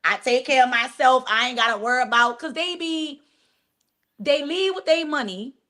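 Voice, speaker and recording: A woman's voice: high-pitched, moderate pace, sharp tone. Blunt, profane woman in her forties. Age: 40s. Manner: blunt, profane, storytelling with acted-out quotes. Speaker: podcast cohost. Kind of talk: casual chat. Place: live stream podcast.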